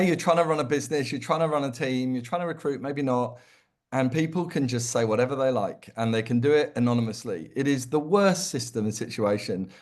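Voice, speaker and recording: A man speaking as an interview guest, giving practical advice with energy and emphasis. He slips into little acted-out quotes to make his points. His voice sits at an ordinary pitch for a man. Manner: animated, emphatic, acts out quoted lines. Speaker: employer brand consultant, guest. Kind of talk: conversational interview answer.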